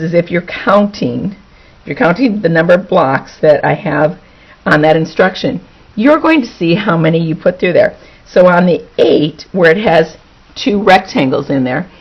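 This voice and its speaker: A woman teaching a quilting lesson, talking through each step as she works and repeating words for emphasis. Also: fairly low pitch. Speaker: quilting instructor. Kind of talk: hands-on sewing demonstration. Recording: dull lo-fi recording.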